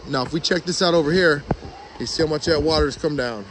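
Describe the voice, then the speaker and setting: A man vlogging outdoors by a pond, chatty and excited as he narrates while walking with a handheld phone. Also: on the high side, slight background noise. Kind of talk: casual outdoor vlog commentary. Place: outdoors by a pond and beaver dam. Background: rushing water.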